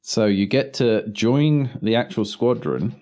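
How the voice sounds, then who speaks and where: A man running a live game stream, steadily explaining each step and reading out the story. His voice sits in an ordinary middle pitch, and light game music plays behind him. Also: unhurried, dark tone. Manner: explains the game, reads aloud plainly. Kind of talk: casual let's-play commentary.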